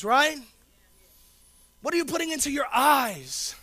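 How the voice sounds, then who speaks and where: A male pastor preaching a sermon in an informal, slangy way. He repeats key phrases for emphasis and swings between loud declarations and low asides. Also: normal speed, no room sound, studio quality.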